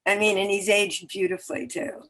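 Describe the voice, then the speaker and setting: A woman, an actor guesting on a podcast, telling long animated stories in casual chat. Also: mid-range voice, fairly quick, a crowd in the background. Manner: chatty, animated storyteller.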